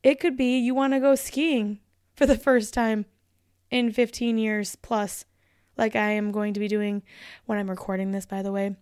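A woman's voice: mid-range voice, little pitch movement, moderate pace, darkish tone, clear, resonant tone, no room sound, studio quality. A woman in her thirties hosting a solo podcast, talking in a chatty, upbeat and encouraging way. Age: 30s. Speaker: podcast host and motivational speaker.

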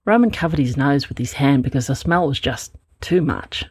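A woman narrating a children's story, gentle and expressive. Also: extremely low pitch, normal speed, breathy edge, no room sound. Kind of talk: storybook reading.

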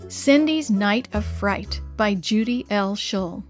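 A woman reading a children's story aloud to young listeners in a gentle, clear, expressive way. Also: mid-range voice, takes it slowly, soft background music.

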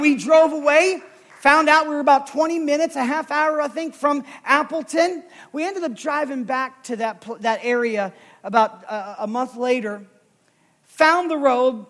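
An emotional male preacher with a strikingly high voice for a man, telling a story in his sermon. He moves from hushed narration to shouted, fervent calls, and his pitch stays very high throughout. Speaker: pastor.

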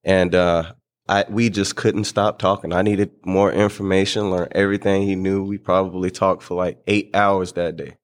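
Low-voiced man, relaxed guest. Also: moderate pace. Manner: relaxed, many fillers, laughs easily. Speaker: guest, business owner. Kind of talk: casual interview chat.

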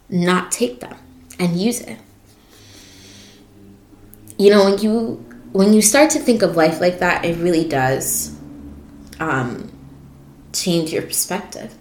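A woman's voice: on the low side, slow, long pauses, darkish tone, roomy sound. A young woman hosting a podcast, reflecting on her life in an emotional voice that wavers and cracks. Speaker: podcast host. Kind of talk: personal reflective monologue.

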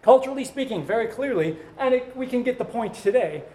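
A man's voice: very high-pitched, animated, a little fast, warm tone. A male pastor preaching a sermon in a conversational way, with joking asides to the congregation.

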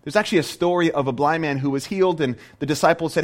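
A man preaching a sermon as a pastor, animated and full of rhetorical questions. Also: a little high, fast talker, few pauses.

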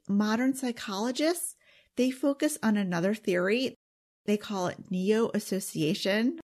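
Earnest woman confiding to her listeners. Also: a little high. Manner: earnest, intimate, drops to a whisper at times. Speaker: self-help speaker. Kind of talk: confiding direct-to-camera talk.

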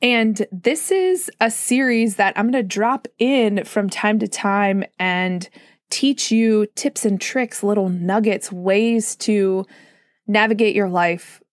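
A woman's voice: mid-range voice, no room sound, studio quality. A woman hosting a solo mental health podcast, chatty and self-deprecating, who laughs often, with a slightly sore throat. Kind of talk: casual solo podcast monologue.

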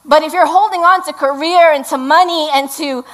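A woman's voice: high-pitched, moderate pace, a bit bright, poor audio. A middle-aged woman pastor preaching a conversational sermon, acting out imagined prayers.

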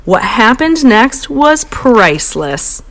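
A woman narrating a children's storybook with a bouncy, playful delivery. Her pitch leaps high and dips low as she tells the tale, keeping it animated for young listeners. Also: slow. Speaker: storybook reader.

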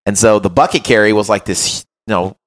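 A man hosting a podcast as a run coach, telling an animated, self-mocking story in casual chat and often checking in with "right?". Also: on the low side, fairly quick.

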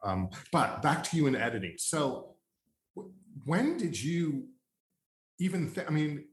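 A man's voice: a little high, sing-song, measured pace, echoey room, slight background noise. A man from Long Island interviewing a guest in a casual chat. He rambles with fillers and restarts. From Long Island, New York.

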